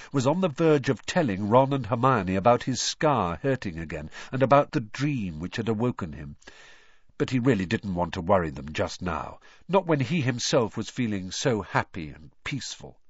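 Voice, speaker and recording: A man narrating an audiobook in an expressive storytelling manner. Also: on the low side, normal speed, breathy edge, dry recording, muffled recording. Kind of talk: scripted narration.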